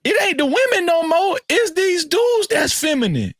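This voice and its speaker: A man on a podcast panel, lecturing and swinging from low murmurs to shouts. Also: sing-song, normal speed, dry recording, studio quality. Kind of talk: heated panel talk. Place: live-stream podcast studio.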